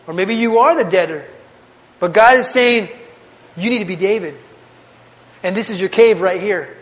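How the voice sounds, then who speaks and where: High-voiced guy giving a youth sermon, chatty and earnest, repeats himself a lot, echoing big hall. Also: fairly bright tone. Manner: earnest, conversational preaching with repeated phrases. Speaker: youth pastor. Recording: long reverb of a hall.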